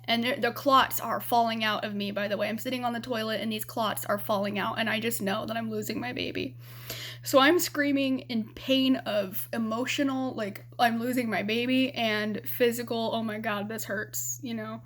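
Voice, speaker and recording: A woman's voice: a little high, steady tone, moderate pace, a bit bright. A young adult woman vlogging, telling a personal story in a candid, rambling way with lots of fillers.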